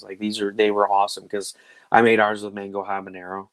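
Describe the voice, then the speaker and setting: A man in his thirties with a lowish voice tells family stories on a casual podcast chat. He talks in an animated way and jumps into different voices when he quotes his kids. The sound is dry and close to the mic. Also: fast, clear, resonant tone, no room sound, poor audio. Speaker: podcast host.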